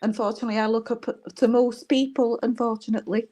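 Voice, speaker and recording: A woman's voice: fairly high pitch, steady tone, fast, warm tone. Laughing Welsh woman, guest on a stream. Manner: agreeable, laughs often, short replies. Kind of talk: casual chat.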